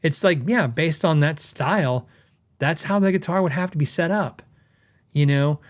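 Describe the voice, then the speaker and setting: A middle-aged man hosting a podcast, talking casually and conversationally, often correcting himself and quoting customers in quick asides. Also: fairly high pitch. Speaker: podcast host; guitar repair tech.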